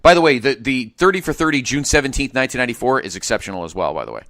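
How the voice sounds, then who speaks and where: A man in his forties co-hosting a podcast in casual chat, animated and prone to trailing off and restarting. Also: medium pitch, very fast, dry recording. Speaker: podcast co-host.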